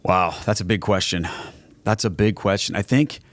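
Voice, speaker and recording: A man's voice: low voice, normal speed, fairly bright tone, no echo. A middle-aged man, a guest on a podcast, answering questions in an earnest, conversational way and often restarting his phrases. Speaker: guest, Catholic evangelist.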